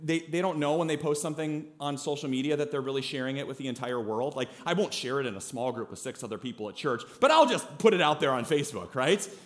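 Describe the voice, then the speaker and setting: A man's voice: fairly high pitch, quick pace, few pauses. A male pastor preaching a sermon in an emphatic, conversational way, often checking in with the congregation. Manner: emphatic, calls on the congregation to respond; conversational, with frequent "right?" and "okay?" check-ins.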